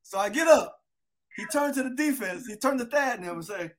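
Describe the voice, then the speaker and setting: A man's voice: very high-pitched, a little fast. A man in his sixties telling stories about his youth in casual conversation with old friends. He acts out the quotes. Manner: animated storyteller, acts out quotes. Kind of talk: storytelling reunion chat.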